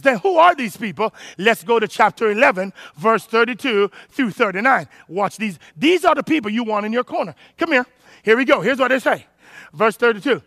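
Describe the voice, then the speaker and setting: A man pastor, preaching an animated sermon and calling out to his congregation. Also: very high-pitched, moderate pace, creaky, dry recording. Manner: animated preaching, calls to the congregation, rises to shouts.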